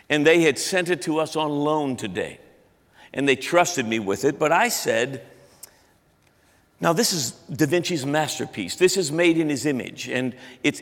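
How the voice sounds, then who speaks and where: A man's voice: on the high side, fairly bright tone, in a large hall. A man in his fifties preaching a sermon as pastor, in a loose, chatty way, often restarting his sentences. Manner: conversational, self-interrupting, frequent restarts.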